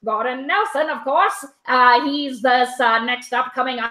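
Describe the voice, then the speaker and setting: A woman putting on the voice of a brash old-time auctioneer who hams up her rapid sales patter. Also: high voice, pushed and bright, roomy sound, pitched below the performer's own voice, poor audio. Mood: hamming. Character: brash fast-talking 1920s auctioneer, hamming it up.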